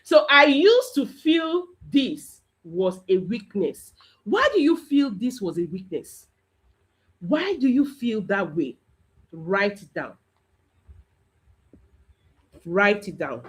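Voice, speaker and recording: A woman's voice: mid-range voice, very animated, slow pace. A Nigerian woman coaching children in a livestreamed talk, speaking emphatically and repeating lines for them to echo. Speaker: kids coach.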